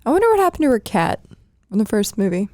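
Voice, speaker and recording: A woman co-hosting a casual movie podcast, telling stories in a relaxed way. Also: a little high, quick pace, no room sound, clean studio sound. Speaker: podcast co-host.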